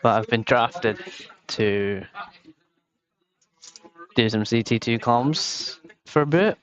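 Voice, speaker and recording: He speaks slowly in a mid-range voice with a fairly bright tone. The young British man is casually commentating a game tournament by himself on a headset mic, rambling, chatty, and self-mocking.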